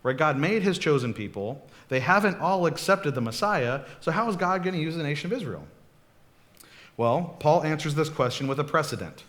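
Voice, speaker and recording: A man's voice: a little high, animated, normal speed, fairly bright tone. A man preaching a casual, conversational sermon as pastor, often checking in with the congregation. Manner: chatty, checks in often with "okay?" and "right?".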